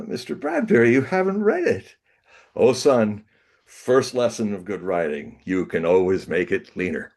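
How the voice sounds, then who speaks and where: A man with a fairly low voice speaks as an interview guest. He tells a long story casually, laughs often, stumbles and restarts, and slips into animated voices for the people in it.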